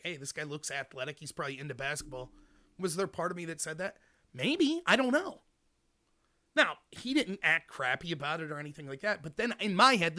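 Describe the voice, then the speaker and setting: A man hosting a political talk show, giving an opinionated monologue and speaking straight to his listeners. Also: high voice. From United States. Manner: animated, opinionated, addresses listeners directly. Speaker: host.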